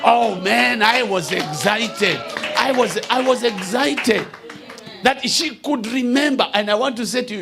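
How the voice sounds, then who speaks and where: A man preaching a sermon as a bishop. He builds to shouted declarations and often repeats and restarts his words. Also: very high-pitched, unhurried, gravelly, music in the background, a crowd in the background.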